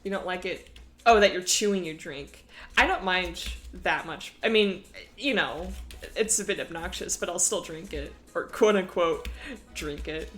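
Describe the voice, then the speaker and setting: A woman's voice: fairly low pitch, unhurried, fairly bright tone, soft background music. A woman chatting casually with viewers on a live stream, playful and giggly.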